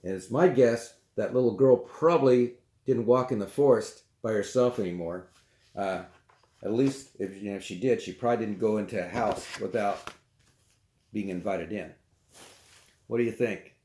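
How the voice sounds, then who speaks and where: A man's voice: on the low side, normal speed, dark tone. A man reading a children's storybook aloud, with chatty asides. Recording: roomy echo.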